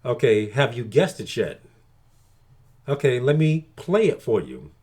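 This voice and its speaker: A man's voice: mid-range voice, very animated, unhurried, darkish tone. A man giving a casual, crude monologue to his viewers, swearing often and repeating "okay" between thoughts. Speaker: video blogger.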